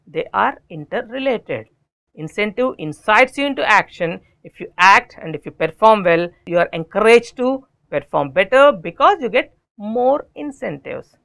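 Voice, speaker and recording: A woman teaching vocabulary, explaining each word slowly with synonyms and examples. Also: mid-range voice, sing-song, gravelly, fairly bright tone. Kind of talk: recorded vocabulary lesson.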